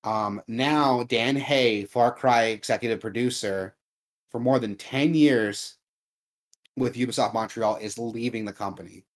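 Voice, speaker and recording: A man co-hosting a casual podcast, talking in an earnest, measured way with frequent ums. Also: mid-range voice. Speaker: podcast co-host.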